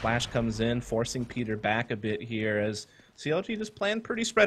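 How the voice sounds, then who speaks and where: A man casting a competitive shooter match, calmly breaking down team tactics and holding back his excitement. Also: medium pitch. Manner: fast, analytical, holds back his excitement. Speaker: esports caster. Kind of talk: play-by-play game commentary.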